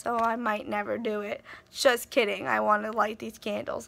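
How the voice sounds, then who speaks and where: A woman's voice: fairly high pitch, normal speed, gravelly, a bit bright. A teenage girl chatting through a casual birthday haul vlog, gushing and bubbly, full of fillers and asides to herself. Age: teens. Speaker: vlogger.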